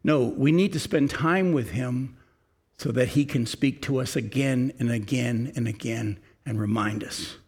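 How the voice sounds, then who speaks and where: An older man preaching a sermon, reading scripture slowly and emphatically and then talking to the congregation in an earnest, conversational way. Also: mid-range voice, darkish tone, breathy edge. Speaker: pastor.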